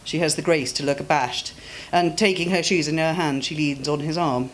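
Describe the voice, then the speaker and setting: A woman author reads her own story aloud at a live event, measured and expressive. Her voice sits low, with a faint hiss of noise behind it.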